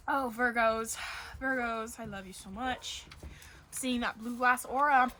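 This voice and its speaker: A woman's voice: a little high, measured pace, pushed and bright, slight background noise. Woman doing a tarot reading, all emotional and teary, dogs barking in the back. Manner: emotional, gushing, near tears. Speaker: tarot reader. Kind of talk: casual tarot reading to camera.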